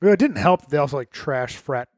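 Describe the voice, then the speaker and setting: A man co-hosting a casual podcast, swearing and trading quick stories. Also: a little high, lively intonation, darkish tone, no room sound, clean studio sound. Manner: profane, quick banter. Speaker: podcast co-host. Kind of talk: casual chat.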